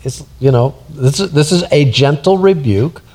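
A man's voice: fairly high pitch, expressive, moderate pace, dark tone. A man preaching a sermon verse by verse in a conversational way, asking the congregation questions and repeating words as he builds a point. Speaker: pastor. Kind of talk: expository sermon.

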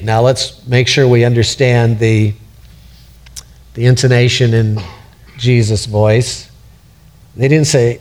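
A man's voice: medium pitch, fairly even intonation, takes it slowly, long pauses, a little mellow. A man preaching a sermon verse by verse in a conversational way, asking the congregation questions and repeating words as he builds a point. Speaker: pastor. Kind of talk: expository sermon.

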